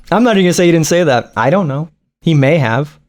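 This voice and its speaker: A man giving sarcastic, profane reaction commentary, mocking what he watches. His pitch is a bit raised and swings widely as he jeers. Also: animated, moderate pace. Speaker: reaction streamer.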